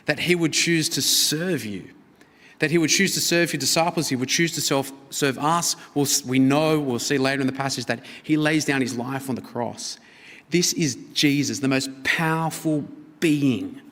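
A man preaching a sermon as a pastor, in an earnest, expressive manner that swings between emphatic and hushed. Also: medium pitch, moderate pace. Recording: reverberant hall.

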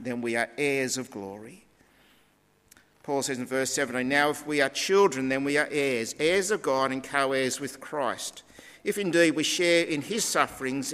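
A man preaching a sermon in a measured teaching tone with deliberate emphasis. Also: medium pitch, fairly bright tone. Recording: long reverb of a large hall.

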